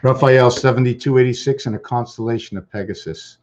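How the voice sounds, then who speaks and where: A channel host is losing his voice as he rambles through a casual livestream, distracted and thinking aloud, repeating himself while clicking around. His mid-range voice is a little fast and a little mellow. The lo-fi recording sounds dull, with slight background noise.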